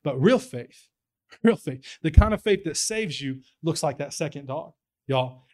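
A young man preaches, his voice sitting a little high. He tells stories in an easygoing, folksy way and keeps pressing his points with rising excitement. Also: measured pace. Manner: folksy storytelling, builds to excited emphasis. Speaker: pastor. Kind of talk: sermon.

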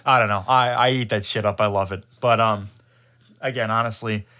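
A man co-hosting a podcast, chatting casually and rambling through profane, animated retellings. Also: fairly low pitch, fairly quick. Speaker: podcast co-host. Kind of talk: casual chat.

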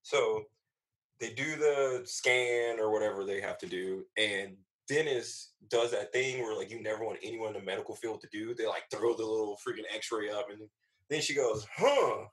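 A man's voice: moderate pace, rough recording. Slangy male comedian telling a story. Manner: animated, acts out quoted voices with big pitch jumps; slangy and profane. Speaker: comedian guest. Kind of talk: casual storytelling chat.

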